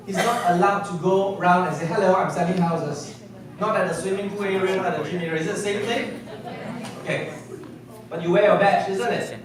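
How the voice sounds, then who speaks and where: A man giving a sales seminar to a live audience, constantly checking in with quick questions. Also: high-pitched, recorded from a distance. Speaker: sales trainer. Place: large hall with an audience. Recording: echoey hall, mic from afar, audience.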